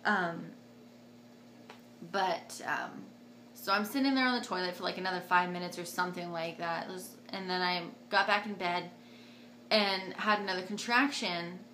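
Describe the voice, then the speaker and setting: A young woman tells a personal story to camera in a chatty, animated way, jumping up in pitch whenever she quotes someone. Her voice is bright and forward. The room adds a clear echo and a faint hiss behind her. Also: normal speed. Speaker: vlogger.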